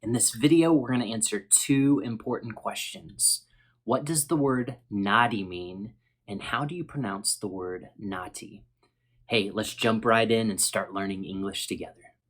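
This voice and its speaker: An American English teacher hosts a vocabulary lesson, speaking in a friendly, slow, deliberate manner and repeating words for learners. His voice is on the low side with a breathy edge.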